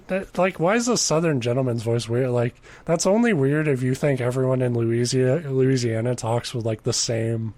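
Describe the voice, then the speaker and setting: A man's voice: medium pitch, unhurried, darkish tone, dry recording. A man co-hosting a podcast, reading a creepy story aloud and joking about it with a friend, laughing often. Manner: jokey, laughs often, mock voices when quoting. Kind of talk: casual chat and reading aloud.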